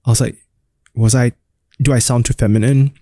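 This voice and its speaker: A man's voice: mid-range voice, fairly even intonation, a little fast, warm tone, no room sound, studio quality. A man in his thirties from Singapore, a radio DJ talking openly and reflectively about himself in an interview, with some self-deprecating humor. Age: 30s. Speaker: radio DJ and guest. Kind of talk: candid interview conversation.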